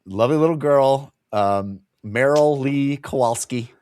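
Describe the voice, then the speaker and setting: A man's voice: medium pitch, a little slow, clean tone, no room sound, clean studio sound. A man co-hosting a casual book discussion, recapping the story and acting out the characters' lines, laughing often. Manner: animated, acts out characters' lines while recapping; laughs often while telling. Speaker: podcast co-host.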